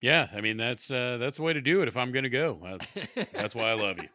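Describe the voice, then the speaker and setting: A man's voice: mid-range voice, expressive, fast talker, bright, forceful tone, no room sound, studio quality. A middle-aged man and father co-hosting a casual podcast, laughing often and swearing freely. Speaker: podcast co-host. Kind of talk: casual chat.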